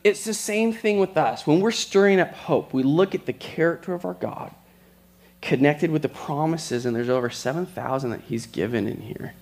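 Pastor, male, slightly higher voice, chatty storytelling sermon delivery. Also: darkish tone. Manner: conversational, storytelling with quick asides.

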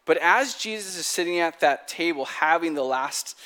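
A man preaching a sermon, retelling a story in an animated, conversational way. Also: on the high side, normal speed.

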